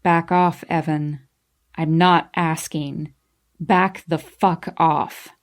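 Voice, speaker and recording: A woman's voice: unhurried, darkish tone. A woman voicing an angry, defensive young man in a storybook reading, speaking in a clipped, cold, bitter way. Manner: clipped, bitter, low and icy.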